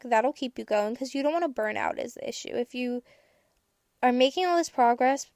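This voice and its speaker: A teenage girl hosting a podcast, giving candid, chatty advice with casual swearing and bursts of excitement. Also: a little high, no echo, clean studio sound. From United States. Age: teens. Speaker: podcast host.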